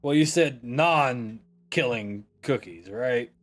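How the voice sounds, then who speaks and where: A man's voice: mid-range voice, slow pace, close to an everyday voice. A man voicing a grumpy, sarcastic male drow pirate who has just been woken up. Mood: suspicious. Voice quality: gruff, cursing, sarcastic. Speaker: game master voicing a character.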